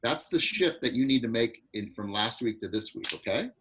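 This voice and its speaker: A man acting coach leading a live online class, giving quick, directive notes over a video call. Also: medium pitch, lively intonation, a bit bright, poor audio.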